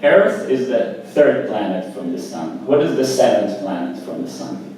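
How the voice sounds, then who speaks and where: A man performing open mic stand-up comedy at a small cafe, talking in a casual, halting way with lots of fillers. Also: lowish voice, sing-song, a little mellow, heavy reverb, recorded from a distance, slight background noise, rough recording. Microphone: handheld stage mic.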